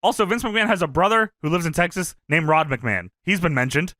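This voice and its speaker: A man's voice: on the high side, expressive, fast, pushed and bright, dry recording, clean studio sound. A man co-hosting a podcast, chatting casually about old wrestling shows, laughing often and swearing freely. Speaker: podcast co-host. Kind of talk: casual wrestling recap chat.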